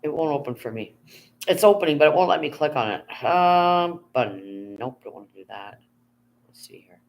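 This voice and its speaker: A woman's voice: low-pitched, animated, moderate pace. Chatty woman live streaming. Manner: chatty, rambling, swears freely, reads chat aloud. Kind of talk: casual live stream chat.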